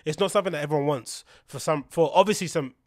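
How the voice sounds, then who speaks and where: A young man, rambling through a casual podcast monologue, swearing freely and getting animated when he tells stories. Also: fairly high pitch, fast talker, no room sound, studio quality. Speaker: podcast host.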